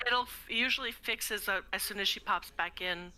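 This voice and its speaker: Bright casual woman player. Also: mid-range voice, normal speed, clear, resonant tone, low-quality recording.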